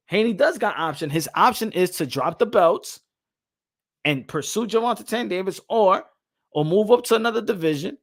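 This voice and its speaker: Animated, high-pitched ranting man. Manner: animated, profane, repeats himself, mocks with put-on voices. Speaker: boxing commentary host. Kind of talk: casual ranting commentary.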